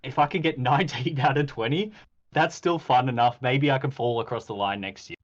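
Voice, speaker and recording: A man in a casual chat, recounting a game in an animated way, acting out quoted exchanges with plenty of ums. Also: medium pitch, fairly quick, dull audio. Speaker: podcast host reviewing a game.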